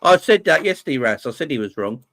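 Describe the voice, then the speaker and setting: A very animated man with a high-leaning, fairly bright voice talks fast on his live football fan chat stream. He's an adult, married with kids, and as host he's full of passion and emotion, repeating himself often.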